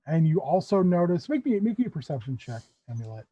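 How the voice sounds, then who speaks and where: A man's voice: fairly high pitch, very animated, fast talker, mellow, no room sound, dull audio. A man narrating as game master in a loose, rambling way, full of fillers.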